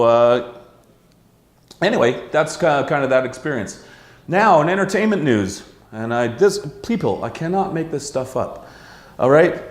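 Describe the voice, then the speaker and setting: A middle-aged man from Canada hosting a casual talk show in a pub, rambling and swearing with many fillers. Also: mid-range voice. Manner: rambling, profane, lots of uh fillers. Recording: echoey pub room.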